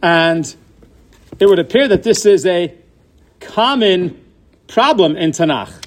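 A man's voice: sits high, expressive, takes it slowly. A man giving a Torah lesson, posing questions and answering them, weaving Hebrew terms into his English. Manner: inquisitive, poses questions then answers them; mixes Hebrew and Yiddish-style terms into English. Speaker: Torah teacher. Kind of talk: Torah class lecture.

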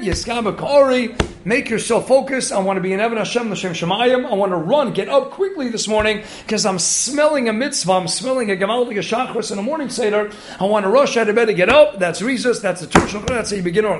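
A man with a strikingly high voice gives a Torah study lecture. His delivery is animated and urging, and he weaves Hebrew and Yiddish terms through his English. A faint noise sits under the recording. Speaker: Torah teacher.

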